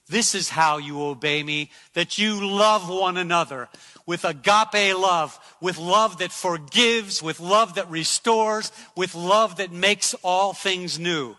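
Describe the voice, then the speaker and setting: A man's voice: sits high, slow, bright, forceful tone, big-room sound. A man preaching a sermon in an emphatic style, repeating phrases for effect. He speaks from a church sanctuary.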